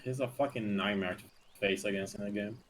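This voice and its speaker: A man's voice: on the low side, steady tone, brisk, a little hiss or hum. A man on a voice call with a friend, laid-back and teasing, swearing casually. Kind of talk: casual banter.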